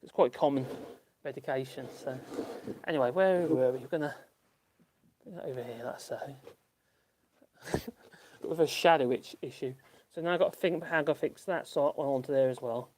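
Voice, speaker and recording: A man talks casually as he carves in his workshop, rambling from one thought to the next. His voice sits in an ordinary middle pitch, and he chuckles to himself now and then. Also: a little fast, long pauses, a little mellow, slight background noise. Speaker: woodworking channel host. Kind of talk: casual chat while working.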